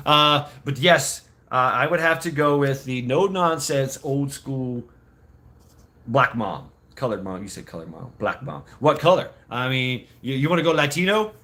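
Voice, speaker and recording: A middle-aged man chatting casually and rambling, laughing often and slipping into quick put-on voices. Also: medium pitch, expressive, bright, forceful tone. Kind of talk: casual chat.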